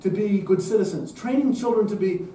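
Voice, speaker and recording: A man lectures emphatically to a gathered audience and drives his points home with rhetorical questions. His voice sits high for a man but has a mellow, dark tone. He is picked up from a distance in a very echoey room. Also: brisk, a little hiss or hum. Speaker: speaker at a public event. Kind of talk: lecture-style talk.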